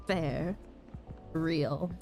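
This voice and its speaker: A woman's voice: deep voice, vocal fry, a little mellow. A woman streamer chatting casually and playfully, reading game dialogue aloud. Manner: giggly, playful.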